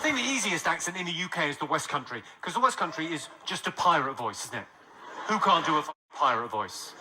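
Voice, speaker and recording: A man doing a stand-up comedy set with quick, deadpan one-liners. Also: on the high side. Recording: loud noisy recording.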